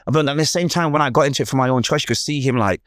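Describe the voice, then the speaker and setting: A man with a Manchester accent, a guest telling stories in an interview, animated and acting out other people's voices. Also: medium pitch, very fast, dry recording, studio quality. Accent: Manchester English. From England. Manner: animated, acts out quoted voices. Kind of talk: storytelling interview.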